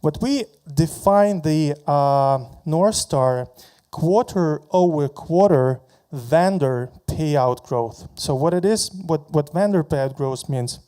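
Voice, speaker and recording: A man giving a conference talk about his product, halting often and repeating words as he walks through slides. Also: on the high side, lively intonation, warm tone, clear, resonant tone.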